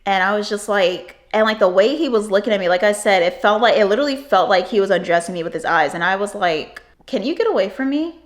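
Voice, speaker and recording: A young woman in her twenties tells a personal story to camera in a casual, rambling way. Her talk is full of "like" fillers and she swears often. Her voice sits in an ordinary middle pitch. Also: fast talker, hardly any pauses. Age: 20s. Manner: rambling, profane, many "like" fillers. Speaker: vlogger.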